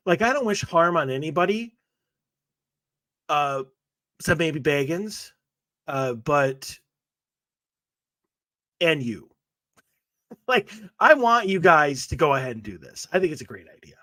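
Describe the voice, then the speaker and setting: A male co-host who rants sarcastically and mocks what he reads in slow, unhurried speech. His voice sounds dry and close, with no room echo. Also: fairly high pitch, expressive, sharp tone. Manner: sarcastic, mocking rant. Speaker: radio show co-host. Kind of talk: casual podcast banter.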